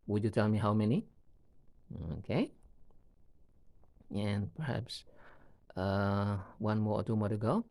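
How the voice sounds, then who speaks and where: A man teaching an English lesson at a very unhurried pace, repeating each example sentence and checking in with his students. His voice sits on the low side. It is recorded close and dry, with no room sound. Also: dark tone, no room sound.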